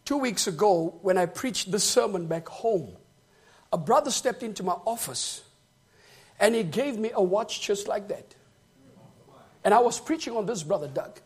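A male preacher delivering a fervent sermon, often shouting and calling on the congregation for amens. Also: high-pitched, breathy edge.

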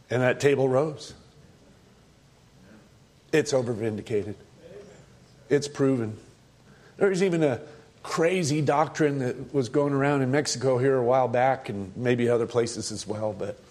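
A middle-aged man preaching a sermon as pastor, emphatic, jumping up for loud points and dropping low for asides.

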